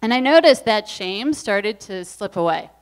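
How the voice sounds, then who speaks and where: A woman's voice: medium pitch, animated, moderate pace. A woman speaker at an evening event, telling a personal story in an earnest, reflective way. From US Midwest. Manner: earnest, reflective, acts out quoted voices.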